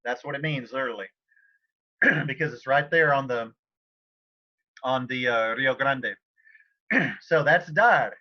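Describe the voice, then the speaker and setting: A man teaching a Spanish class online, talking informally and often clearing his throat. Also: medium pitch, unhurried, pauses often, dull audio.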